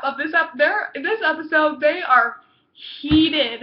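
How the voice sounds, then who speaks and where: A young woman with a high voice gushes through a casual TV episode review, her talk packed with fillers and excited exclamations. The sound is dull and lo-fi, with a noticeable room echo. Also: unhurried. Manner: gushing, excitable, lots of fillers.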